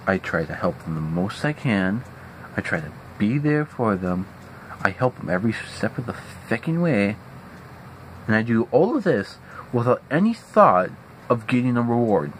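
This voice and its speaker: Profane young man ranting, lively pitch. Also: moderate pace, slight background noise, low-quality recording. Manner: angry, profane, animated. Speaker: vlogger. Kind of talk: venting rant. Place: at home indoors.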